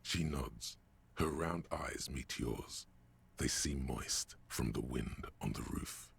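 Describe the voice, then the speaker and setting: A man voicing the inner voices of a video game detective, narrating in a deep, gravelly, slow and ominous manner. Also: a little hiss or hum, exaggerated voice. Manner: slow, ominous, dramatic delivery, sometimes whispered.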